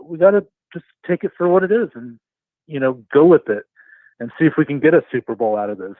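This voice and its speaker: A man's voice: a little high, sing-song, fast, dry recording. A man calling in to a sports talk show, chatty and laughing, with lots of fillers. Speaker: caller. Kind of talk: phone-in chat. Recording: tinny phone line.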